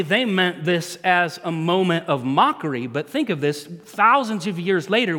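A man preaching a sermon to a congregation, telling the story with animated swings between hushed, low passages and emphatic outbursts. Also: long reverb tail.

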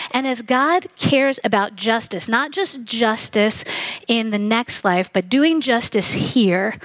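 A middle-aged woman preaching a sermon, earnest and measured, slowing down to stress key phrases. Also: on the high side, no echo. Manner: earnest, measured, slows for emphasis.

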